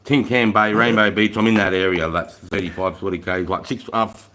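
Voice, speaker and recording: A man's voice: low voice, fairly even intonation, a little fast, a bit bright. An Australian man on a casual live stream, greeting viewers and chatting from a room at home in a rambling, easygoing way, swearing freely and laughing often. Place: room at home with a fire going.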